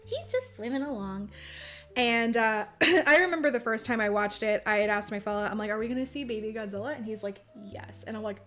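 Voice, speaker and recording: A woman's voice: on the high side, fairly bright tone. A young woman on a podcast, casually and profanely recapping a movie, laughing often and acting out the characters' lines. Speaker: podcast co-host.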